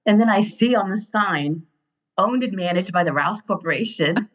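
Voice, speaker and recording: An American woman in her fifties from Ohio, a guest telling stories in a casual interview, animated and digressive, often laughing. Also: mid-range voice, moderate pace. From Ohio, USA. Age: 50s. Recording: dull lo-fi sound.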